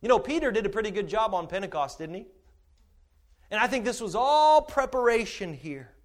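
Emphatic high-voiced male pastor preaching. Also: animated, fairly quick. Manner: emphatic, swings from shouting to hushed asides. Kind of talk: sermon.

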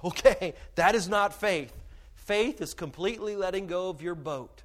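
A man preaching a sermon as pastor, emphatic, swinging from shouted peaks to hushed asides. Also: fairly high pitch, normal speed.

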